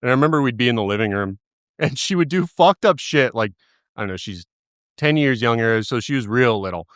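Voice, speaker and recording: A man's voice: medium pitch, lively intonation, fairly quick, fairly bright tone, no echo, clean studio sound. A man in his thirties on a casual podcast, telling family stories with heavy swearing and frequent laughter. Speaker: podcast guest.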